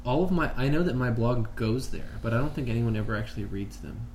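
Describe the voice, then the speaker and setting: A podcast cohost is chatting casually and teasing the others, laughing often. The voice sits at a middle pitch over a faint hiss. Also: brisk, darkish tone. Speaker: podcast co-host. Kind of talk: casual chat. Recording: faint background noise.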